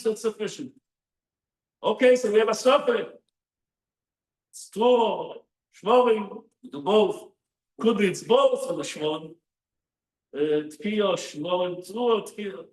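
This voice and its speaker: A man, a rabbi, giving a sermon with animated storytelling and lots of rhetorical questions, recorded in a synagogue hall. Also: high voice. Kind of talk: Torah sermon. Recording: roomy echo, distant mic.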